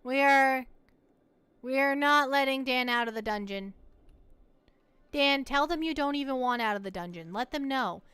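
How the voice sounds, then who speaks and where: A woman's voice: high-pitched, moderate pace, long pauses, fairly bright tone, smooth, dry recording. A woman from the United States chatting playfully and teasingly while livestreaming a game, often repeating words as she goes. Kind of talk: casual gameplay livestream chat.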